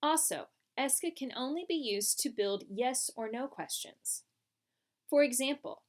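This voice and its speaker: A woman's voice: sits high, expressive, a little slow. A woman teaching a French lesson, explaining patiently step by step over slides. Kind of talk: recorded classroom lesson.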